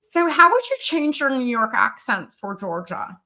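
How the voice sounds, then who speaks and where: A woman from the American South hosting a casual live-stream chat as a business coach, talking in an animated way with many fillers. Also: a little high, normal speed, creaky. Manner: chatty, animated, frequent fillers and laughs. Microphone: studio live-stream mic.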